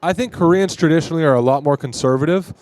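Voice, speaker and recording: Emphatic, slightly high-voiced man. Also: quick pace, a little mellow, no echo. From Arizona, US. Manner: emphatic, agreeable, opinionated. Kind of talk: casual conversation. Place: convention floor.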